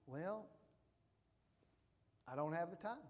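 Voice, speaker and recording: A man preaches with a fairly high voice, moving between quiet, thoughtful asides and loud, emphatic declarations. His delivery is slow and deliberate. The sound rings with a long reverb, as in a large church sanctuary. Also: expressive. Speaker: pastor. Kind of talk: sermon.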